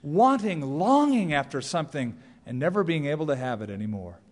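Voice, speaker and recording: A man preaching a sermon as a pastor, emphatic and rising to high cries on key words. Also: sing-song, a little fast, a little mellow. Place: church sanctuary. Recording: long reverb of a large hall.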